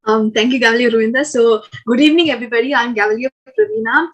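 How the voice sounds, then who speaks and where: A young woman with a high voice hosts an online icebreaker game. She talks in a chatty, upbeat, coaxing way, full of fillers. She comes through a video call mic. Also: fast talker, lo-fi sound. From Sri Lanka. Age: young adult. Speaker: game host at a student club orientation. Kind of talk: casual online game hosting.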